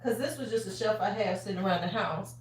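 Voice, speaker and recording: Speaking quickly in a mid-range voice, a host in her fifties runs a relaxed livestream from home, offering sassy, chatty advice like an older sister. She's in a large room, and the recording carries a roomy echo.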